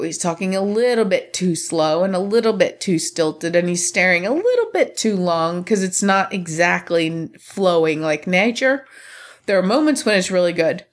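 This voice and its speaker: Opinionated woman, lowish voice. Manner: opinionated, talks in long winding runs with quoted asides. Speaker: film review podcast co-host. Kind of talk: casual film discussion.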